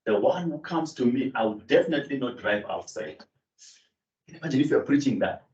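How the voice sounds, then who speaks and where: A man's voice: medium pitch, expressive, brisk, a little mellow. A man teaching a Greek grammar class, explaining step by step with fillers and self-corrections. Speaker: Greek lecturer. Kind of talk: classroom lecture. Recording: echoey room, distant mic, dull sound.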